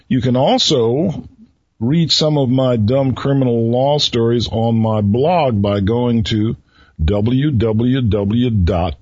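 Slow, husky-voiced male radio host. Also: lowish voice, darkish tone, no echo, lo-fi sound. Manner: slow, folksy, teasing delivery. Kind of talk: solo radio talk with riddles.

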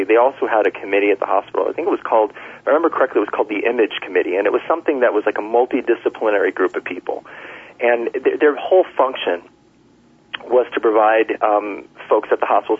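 A middle-aged man, a nurse and author, telling stories in a relaxed interview, with many fillers and restarts. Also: fairly low pitch, breathy edge. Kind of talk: casual interview talk. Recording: tinny phone line.

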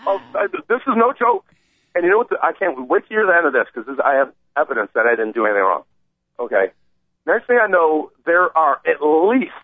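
A man calling in to a radio show and telling an animated, rambling story, acting out the voices of the people in it. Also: fairly high pitch, no room sound. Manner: excited, acts out quoted voices, rambling. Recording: tinny phone line, dry.

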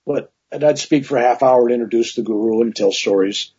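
A man's voice: medium pitch, a little fast, slightly rough, dull audio. A man telling long personal stories as a guest in a casual interview, with many asides. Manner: rambling, animated anecdotes with many "right?" asides.

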